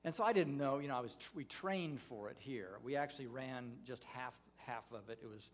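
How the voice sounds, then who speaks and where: A man, a pastor, preaching a sermon through a personal story, halting with many fillers and restarts. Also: medium pitch, a little hiss or hum. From United States.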